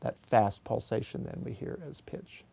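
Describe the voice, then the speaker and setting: Interviewee: a man with a gravelly voice in a dry office, an unhurried composer who explains his ideas thoughtfully. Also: mid-range voice, expressive, warm tone, no room sound. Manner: thoughtful, musing, explains with sung sound examples. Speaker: composer and music theorist being interviewed.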